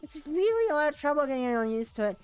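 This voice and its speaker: Reading a game's text, a woman plays a giddy, dreamy, clingy, obsessive girl who rambles breathlessly in valley-girl style, saying "like" constantly. Her voice is high-pitched and sing-song, and she talks very fast.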